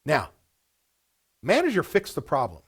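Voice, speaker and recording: Blunt, lively restaurant coach. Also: male voice, a little high, a little slow, breathy edge. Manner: blunt and animated, asks rhetorical questions. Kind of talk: webinar presentation.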